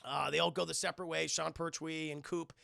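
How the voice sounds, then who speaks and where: A man's voice: a little high, little pitch movement, a little fast, gravelly, bright, forceful tone, dry recording, clean studio sound. A man streaming a rambling, profane film recap, laughing and acting out scenes as he talks to chat. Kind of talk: casual livestream chat.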